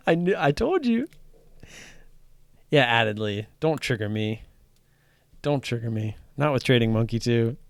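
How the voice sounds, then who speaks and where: A man hosting a live stream about day trading, chatting casually and getting excited, swearing freely and restarting his sentences. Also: mid-range voice, moderate pace, gravelly, pauses often, dry recording. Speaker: livestream host talking day trading. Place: home streaming setup wearing headphones.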